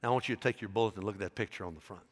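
A man's voice: lowish voice, racing. A man, a pastor preaching a sermon as he tells a story, with rising emphasis. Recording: long reverb in a large hall.

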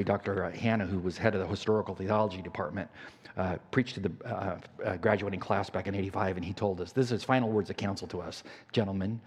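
A man's voice: fairly low pitch, a little mellow. Older male pastor in a reverberant hall. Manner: storytelling, conversational with frequent fillers and restarts. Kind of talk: sermon.

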